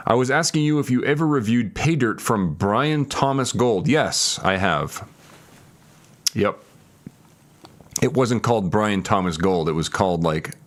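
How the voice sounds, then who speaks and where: A man streaming a geography guessing game, thinking aloud, hedging his guesses and answering viewer comments in casual chat. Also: on the low side. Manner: reads viewer comments and replies. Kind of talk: casual live-stream chat while gaming.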